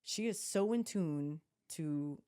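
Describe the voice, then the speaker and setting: A woman co-hosts a casual podcast, drifting into stories with plenty of "um" and "like". Her voice sits a little low and sounds warm and mellow. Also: expressive, slow pace, smooth. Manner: chatty storyteller, frequent fillers and restarts. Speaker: podcast co-host. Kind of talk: casual chat.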